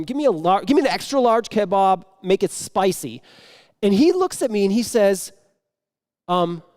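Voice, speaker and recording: Man, improv performer, high voice, swooping animated delivery, stage storytelling, sudden whispers. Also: smooth. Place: conference stage before an audience.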